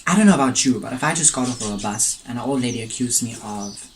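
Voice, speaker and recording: With a medium-pitched, lively voice and fast delivery, a mukbang vlogger chats through a digressive story while eating at home. The audio is poor, with slight background noise.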